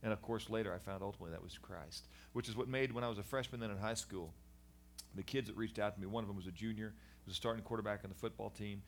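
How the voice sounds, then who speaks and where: A middle-aged man, a guest in a conversation, giving a candid personal testimony about his past in an animated, earnest way with frequent restarts. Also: fairly low pitch, fast talker, slight background noise. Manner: animated storyteller, acts out voices of people in his story. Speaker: guest sharing his life story.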